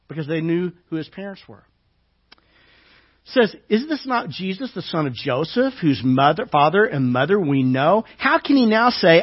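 A male pastor delivers a sermon in a high, bright-edged voice, reading scripture with building emphasis and breaking off for casual asides to his listeners. The sound is muffled and lo-fi, like a church livestream. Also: husky. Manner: reads scripture aloud with rising emphasis, asides to congregation.

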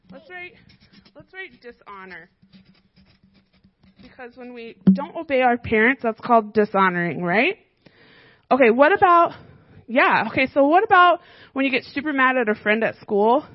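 A woman with a high voice leads a Bible lesson for children, keeping it animated with constant questions. The sound is dry and close, a little muffled and lo-fi. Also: normal speed, long pauses, no room sound. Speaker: children's church teacher.

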